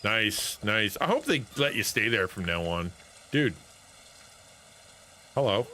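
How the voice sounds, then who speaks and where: A man's voice: on the low side, sing-song, slow, pauses often, bright, forceful tone, slight background noise. A man streaming a game, giving playful, jokey live commentary and talking to his chat. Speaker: streamer and pastor.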